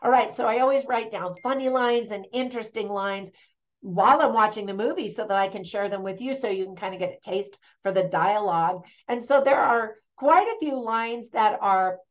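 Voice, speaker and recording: A woman's voice: fairly high pitch, expressive, normal speed, highs cut off. A middle-aged woman casually reviewing a film as host, in a chatty, friendly way with easy laughs between points. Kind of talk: casual spoken movie review.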